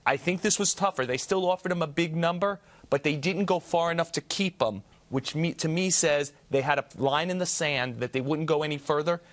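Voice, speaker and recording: A man's voice: fairly high pitch, a little fast, few pauses, fairly bright tone. A man in a studio sports panel, giving opinionated baseball analysis drawn from his own experience.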